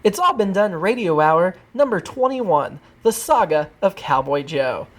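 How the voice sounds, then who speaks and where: A woman's voice: lowish voice, big pitch swings, unhurried, very noisy. A woman announcing the cast and credits of a radio comedy show.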